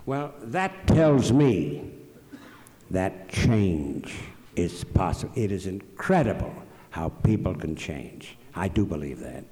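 A man at a public forum telling stories and giving opinions in an animated way, firing off rhetorical questions. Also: sits low, slow pace. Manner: acts out quoted voices, emphatic rhetorical questions. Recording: long hall reverb.

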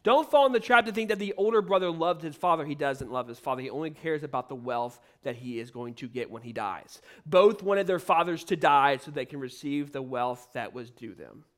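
A man with a high voice delivers a sermon from the pulpit. He preaches emphatically and keeps putting rhetorical questions to his listeners. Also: animated, fairly quick, hardly any pauses, fairly bright tone.

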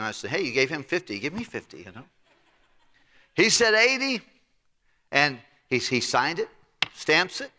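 A man preaches in a church, his bright voice swinging widely as he tells the story and plays each of its characters in turn. The sound carries a long reverb from the sanctuary. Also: mid-range voice. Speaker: pastor. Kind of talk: sermon.

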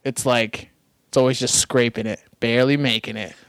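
A man's voice: medium pitch, steady tone, moderate pace, fairly bright tone, no echo. Podcast host, young guy, rambling self-deprecating chatter, dry close mic. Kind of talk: casual chat.

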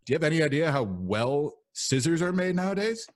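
A man's voice: on the high side, sing-song, a little fast. Profane rambling man in casual chat. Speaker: podcast co-host.

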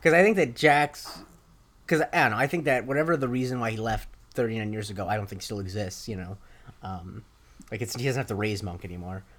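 A man's voice: fairly low pitch, a little fast, a bit bright. A young man co-hosting a podcast, recapping a TV episode in a rambling, casual chat with dry asides. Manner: rambling, many ums and restarts, dry asides. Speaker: podcast co-host.

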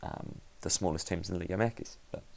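A man's voice: low-pitched, brisk, vocal fry. A man hosting a solo football podcast, talking casually and analytically, often stopping to correct himself. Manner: conversational, self-correcting, analytical. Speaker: podcast host.

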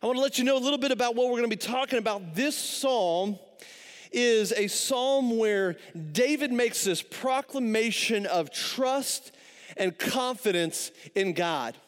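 Man, pastor, very high voice, chatty storytelling sermon, rhetorical questions, long hall reverb. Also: measured pace, clean tone.

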